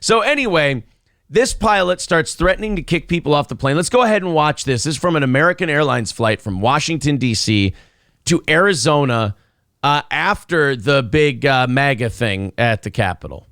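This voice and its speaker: A man's voice: fairly high pitch, lively intonation, moderate pace, fairly bright tone, smooth, dry recording, studio quality. A man hosting a streamed morning talk show, riffing sarcastically and laughing often.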